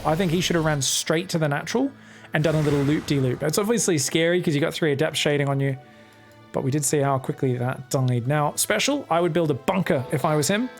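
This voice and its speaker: An Australian man giving solo commentary on a video game match, excitable and joking, with frequent swearing. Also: fairly high pitch, vocal fry. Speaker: esports caster.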